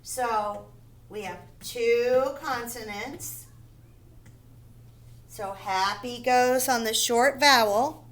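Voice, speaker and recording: A woman's voice: on the high side, drawn-out words, pauses often, a bit bright. A woman teaching a recorded phonics lesson to first graders, spelling words out letter by letter and checking in with "okay?" and "right?".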